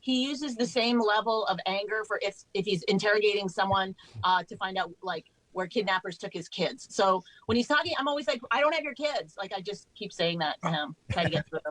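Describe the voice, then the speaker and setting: A woman's voice: medium pitch, brisk, fairly bright tone, poor audio. A woman on a radio talk panel, teasing a friend in a dry, mocking way. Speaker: comedian guest. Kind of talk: teasing studio banter.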